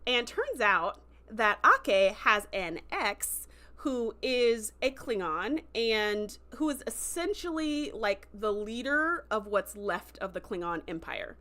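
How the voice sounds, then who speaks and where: A fairly high-voiced woman talks through a casual livestream review. She is chatty and enthusiastic, full of fillers and asides. She slips into quick acted-out quotes as she goes. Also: big pitch swings, pushed and bright. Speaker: show host recapping a TV episode.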